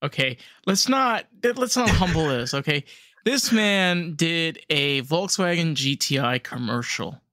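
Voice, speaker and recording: Man, podcast host, american, animated, jokey, bright tone, dry sound. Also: fairly high pitch, a little slow, no echo. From United States. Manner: animated, joking, swears freely. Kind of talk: casual interview chat.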